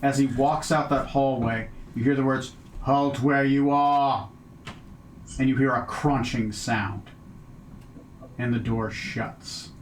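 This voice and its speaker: A man narrating a tabletop game as game master, halting and full of filler sounds. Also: medium pitch, steady tone. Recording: echoey room, faint background noise.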